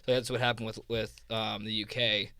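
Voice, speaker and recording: A fairly low, flat voice comes from this crypto fund co-founder, who speaks a little fast with a pushed, bright, smooth quality on a dry recording. A South Jersey accent colors his rambling, casual explanations as a podcast interview guest, heavy on "like" and full of restarts.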